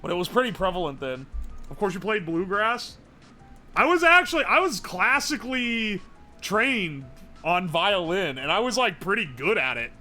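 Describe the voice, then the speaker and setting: A man's voice: high voice, sing-song, normal speed, bright, forceful tone, soft background music. A man streaming live, chatting casually and profanely as he rambles and answers his chat.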